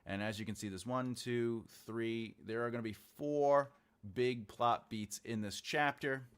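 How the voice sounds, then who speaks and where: In a casual livestream, a man works on his book outline, muttering as he types, thinking out loud and chatting with viewers. His medium-pitched voice is clean and steady, with a measured pace.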